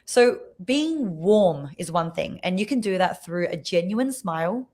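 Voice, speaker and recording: A woman speaking coach, a podcast guest on a video call, explaining clearly and showing examples with her voice. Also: fairly low pitch, a little slow. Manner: expressive, demonstrates voices while teaching.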